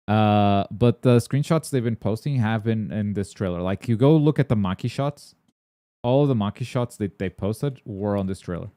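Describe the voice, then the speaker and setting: A man hosting a gaming and anime news stream in casual chat. He rambles excitably, with plenty of filler words and blunt swearing. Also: fairly low pitch, no echo, studio quality.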